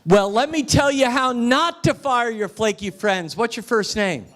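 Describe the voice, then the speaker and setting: At a luncheon in a restaurant event room, an American guest speaker delivers an emphatic motivational speech, repeating phrases for effect. His voice is extremely high-pitched and fairly bright, and he takes his time.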